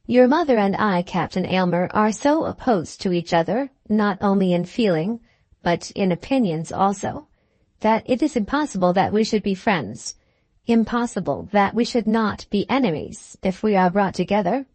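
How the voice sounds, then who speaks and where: A woman reading the part of a resolute young Victorian woman in an audiobook, measured and firm. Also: medium pitch, expressive, darkish tone, dry recording, close to an everyday voice.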